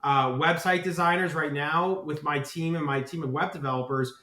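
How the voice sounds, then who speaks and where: Man, podcast guest, marketing founder, enthusiastic, rambling, slightly high voice. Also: steady tone, moderate pace, sharp tone, roomy sound. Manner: enthusiastic, rambling, with many "right?" tags. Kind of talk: podcast interview.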